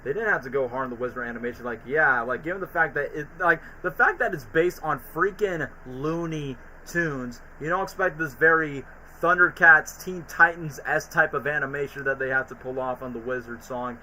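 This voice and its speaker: A man chats casually on a stream, rambling through recaps full of fillers. His voice is very bright and slightly high. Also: a little fast, a little hiss or hum, low-quality recording. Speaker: streamer ranking cartoons. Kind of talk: casual chat.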